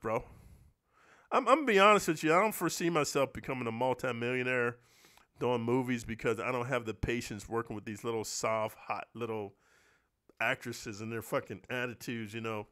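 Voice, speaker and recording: An American stunt performer and vlogger rants loosely to camera, swearing constantly and tacking "bro" and "man" onto his lines. His voice is mid-range with a fairly bright tone, in a casual, profane monologue aimed straight at his viewers.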